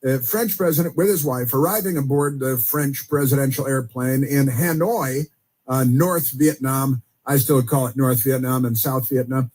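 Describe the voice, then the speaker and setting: Husky-voiced man hosting a rambling talk show. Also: medium pitch, moderate pace, a little mellow. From United States. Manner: sarcastic, rambling with many fillers and restarts. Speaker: podcast host. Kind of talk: casual commentary.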